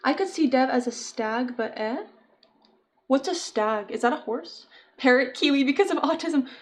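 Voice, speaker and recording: A woman's voice: high voice, animated, moderate pace. A young woman chatting casually with her viewers while she crochets, giggling often and answering chat. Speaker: streamer.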